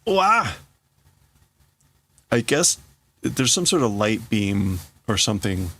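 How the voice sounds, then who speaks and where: Slow, low-voiced man musing aloud. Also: lively intonation. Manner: thinks aloud, hesitant, musing. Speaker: livestream host. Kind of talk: casual live reading and translating.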